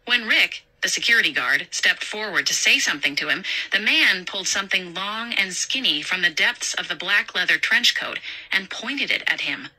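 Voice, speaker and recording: A woman narrating a suspenseful horror story in a measured storytelling voice. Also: mid-range voice, animated, sharp tone, low-quality recording.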